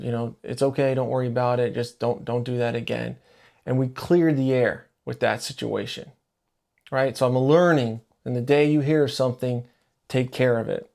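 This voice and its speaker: A middle-aged man hosting a podcast, telling a personal story in a conversational way and acting out the dialogue with lively jumps in pitch. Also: creaky. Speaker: podcast host. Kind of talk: storytelling monologue.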